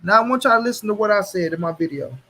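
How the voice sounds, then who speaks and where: A man with a raised, slightly husky voice holds forth on his own channel. He talks right at his audience in street slang, swearing and repeating himself for emphasis. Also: sits high, rapid-fire, bright, forceful tone, rough recording. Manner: profane, emphatic, repeats lines for stress; addresses viewers directly, street slang. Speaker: boxing commentary channel host. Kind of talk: casual ranting commentary.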